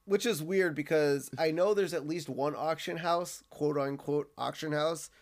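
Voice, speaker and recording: Man from minnesota, podcast co-host, casual chat, animated, stumbling restarts, slightly high voice. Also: unhurried. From Minnesota, USA. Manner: animated, pokes holes in plot, restarts words.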